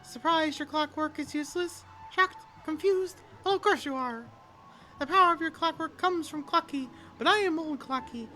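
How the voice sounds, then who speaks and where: A woman's voice: sits high, normal speed, pushed and bright, slight background noise. A woman voicing a smug, theatrical male villain who mocks his opponent. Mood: gloating. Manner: mocking, theatrical.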